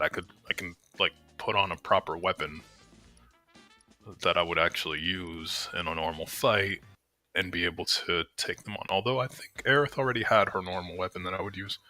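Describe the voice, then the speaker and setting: A man's voice: on the low side, pushed and bright. A young man casually rambling and swearing as he streams a game from home on a desk mic. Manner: chatty, profane, full of fillers and restarts. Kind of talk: casual rambling commentary over gameplay.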